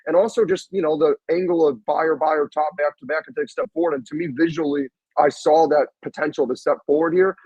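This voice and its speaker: A man co-hosting a podcast, breaking down races in long, quick, detailed run-on stretches. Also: on the high side, fairly even intonation, darkish tone, breathy edge, no room sound, highs cut off. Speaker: podcast co-host. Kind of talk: fast analytical chat.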